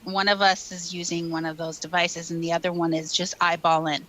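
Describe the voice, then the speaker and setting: A woman's voice: on the low side, little pitch movement, brisk, a crowd in the background, poor audio. Chatty Minnesotan woman guest. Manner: chatty, with many ums and restarts. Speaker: guest investigator. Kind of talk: casual interview chat.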